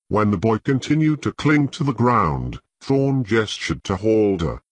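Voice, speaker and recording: Audiobook narrator, man, husky and low-pitched, dry close recording. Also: big pitch swings, measured pace, dry recording.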